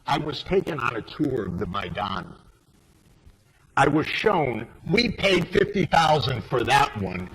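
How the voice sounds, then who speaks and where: An older American man speaking emphatically and indignantly on a panel, his voice rising to sharp outbursts. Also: mid-range voice, a little hiss or hum, low-quality recording. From United States. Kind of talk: impassioned panel speech. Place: forum hall.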